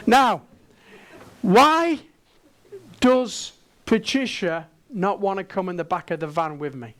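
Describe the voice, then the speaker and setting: A high-pitched man speaks slowly and deliberately from a conference stage. He keeps drawing the audience in with playful questions, unhurried and teasing. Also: expressive, a bit bright. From England. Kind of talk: interactive keynote talk.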